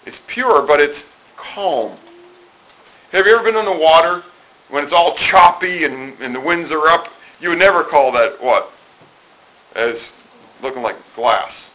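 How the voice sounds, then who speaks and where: A man's voice: a little high, fairly bright tone, poor audio. A middle-aged man preaching a sermon in a conversational way, asking the congregation questions and often repeating and restarting phrases. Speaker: pastor.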